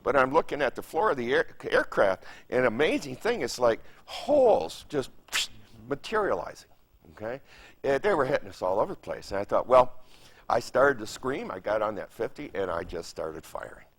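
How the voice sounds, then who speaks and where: A man's voice: mid-range voice, sing-song, normal speed. Older man telling a vivid war story. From Michigan, United States. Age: 70s. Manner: vivid, emphatic storytelling with repetition and sound effects. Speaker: veteran interviewee. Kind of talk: oral history recollection.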